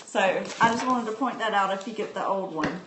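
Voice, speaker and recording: A woman's voice: mid-range voice, lively intonation, fairly quick. Woman, homeschool reading demo, chatty, answers comments, faint background noise, echoey room. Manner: chatty, answers viewer comments, frequent fillers and restarts. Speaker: homeschooling parent demonstrating a reading book. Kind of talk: casual live-stream demo.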